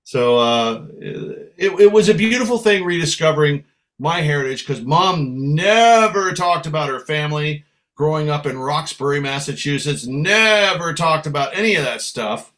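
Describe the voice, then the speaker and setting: A middle-aged man from San Francisco spins lively anecdotes as an interview guest, his voice sitting a little high for a man. He drops into playful accents whenever he quotes someone. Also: moderate pace. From San Francisco, USA. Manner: lively storyteller, slips into accents for quoted people. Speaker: musician guest. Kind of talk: storytelling interview.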